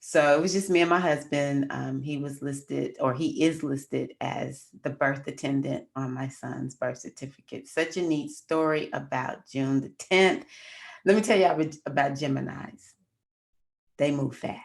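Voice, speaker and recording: Middle-aged female host, low gravelly voice, casual, talks to her viewers as y'all. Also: fairly even intonation, a little slow. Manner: chatty, addresses viewers as y'all. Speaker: astrology livestream host. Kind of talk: casual storytelling livestream.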